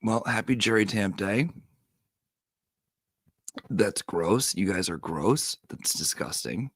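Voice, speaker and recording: A man hosting a casual livestream, reading viewer comments and telling stories in an animated way. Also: on the low side, slow pace, breathy edge, no room sound. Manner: animated storyteller, reads viewer comments aloud. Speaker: live stream host.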